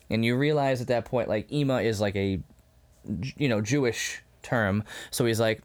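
A man co-hosting a podcast in a casual chat, animated and quick to laugh as he acts out scenes. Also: mid-range voice. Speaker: podcast co-host. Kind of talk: casual episode discussion.

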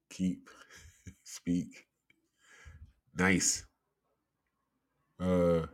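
A man giving loose, rambling commentary to his viewers, laughing often and swearing freely. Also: lowish voice. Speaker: commentary vlogger.

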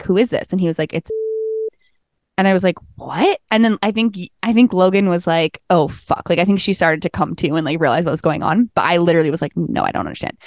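A woman's voice: on the low side, dry recording, clean studio sound. A young woman co-hosting a podcast, telling a story in a casual chat, acting out quotes and swearing freely. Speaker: podcast co-host.

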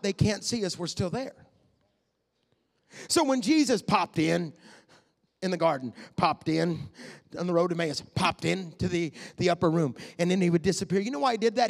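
A man, repeating phrases and building to shouts. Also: sits high, creaky. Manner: impassioned, repetitive, rising to shouts. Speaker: preacher. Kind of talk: sermon.

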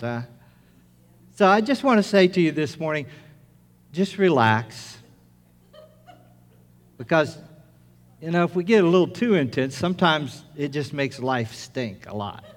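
A middle-aged man, a pastor, preaching a sermon in an earnest storytelling manner, rising to loud excitement as the story builds. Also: on the high side, a little slow, pauses often. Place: church sanctuary. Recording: reverberant church with music.

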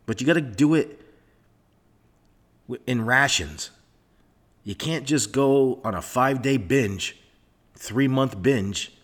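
A man's voice: medium pitch, takes it slowly, long pauses. A man hosting a podcast alone, talking in a rambling, sarcastic way with swearing, recorded on a microphone into a laptop in a soundproofed room. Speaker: podcast host. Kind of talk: rambling solo podcast monologue.

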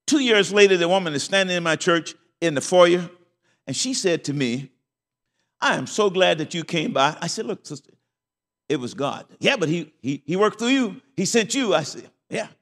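A man's voice: sits high, expressive, moderate pace, fairly bright tone, in a large hall. An older man preaching a sermon as pastor, telling stories. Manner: folksy storytelling with laughs.

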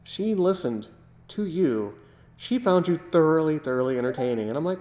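A man's voice: fairly high pitch, normal speed. Man co-hosting in an echoey room. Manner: animated storyteller, acts out quotes. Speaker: podcast co-host. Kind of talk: casual chat. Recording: echoey room with long reverb.

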